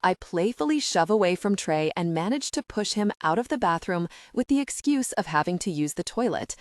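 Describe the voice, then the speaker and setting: A woman narrating a first-person romance audiobook in an intimate, even tone. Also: fairly low pitch, a little fast, no room sound, clean studio sound.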